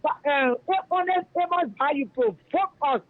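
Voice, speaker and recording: A man's voice: very high voice, animated, moderate pace, dry recording. A man with a Liberian English accent calling in to a radio show, delivering a fiery, repetitive rant that denounces people by name. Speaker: radio caller. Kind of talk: heated call-in rant. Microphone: phone. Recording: tinny phone line.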